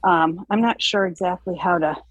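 A woman's voice: fairly low pitch, no room sound, lo-fi sound. Woman caller, out of breath, hesitant, rambling, dry close sound. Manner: hesitant, rambling, many pauses. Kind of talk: casual question on a call.

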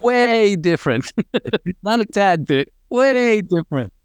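A man's voice: sits high, very animated, slow pace, smooth, no room sound. A man co-hosting a podcast, mostly reacting with short exclamations. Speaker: podcast co-host. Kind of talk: casual chat.

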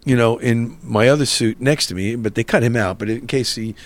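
A man's voice: medium pitch, a little fast. A middle-aged man from North Jersey, an actor guest telling anecdotes in a casual interview and acting out the dialogue. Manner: anecdotal, acts out quoted dialogue, many "you know"s.

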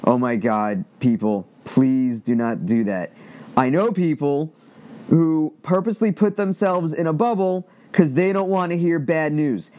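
A man's voice: a little high, darkish tone. A man in casual commentary, reading quoted text aloud and adding blunt, exasperated asides with free swearing. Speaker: commentator reading an online thread.

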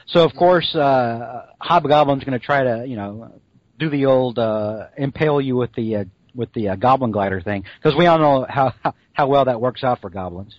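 A man's voice: medium pitch, normal speed, dry recording, lo-fi sound. A man co-hosting a comic-book podcast, telling the story in a rambling, joking way with lots of fillers. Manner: rambling, jokey, full of fillers. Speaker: podcast co-host.

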